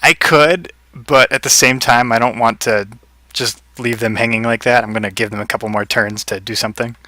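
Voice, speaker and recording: A man runs a tabletop game in an easygoing way, with frequent ums and restarts. His voice is very bright and sits at a middle pitch. It is recorded close and dry. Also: steady tone, moderate pace, dry recording. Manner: easygoing, hesitant with fillers. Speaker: game master.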